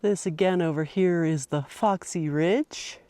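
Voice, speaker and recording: A woman's voice: on the low side, measured pace, warm tone, no echo. A middle-aged woman vlogging as she hikes a mountain trail outdoors, talking casually and rambling, with many fillers and restarts. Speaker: hiking vlogger. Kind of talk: casual narration while hiking.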